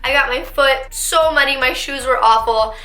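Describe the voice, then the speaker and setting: Animated young woman telling a story. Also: high-pitched, normal speed. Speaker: vlogger. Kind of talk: storytime vlog. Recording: echoey room.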